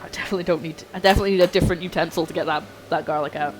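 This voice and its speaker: Excitable young woman cooking on stream. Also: lowish voice, racing, noisy background. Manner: excitable, flustered, chatty with chat. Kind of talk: casual cooking livestream chat.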